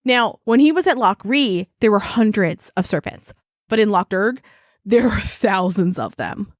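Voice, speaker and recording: Lively, swearing woman telling a story. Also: medium pitch, measured pace, no room sound, clean studio sound. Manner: animated, profane, giggly retelling. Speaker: podcast co-host. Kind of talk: casual storytelling chat.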